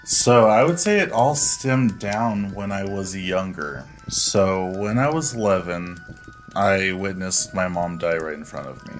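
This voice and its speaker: A man's voice: low voice, unhurried, soft background music. A man telling a personal story as a podcast guest, in a laid-back, profane way. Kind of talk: casual storytelling.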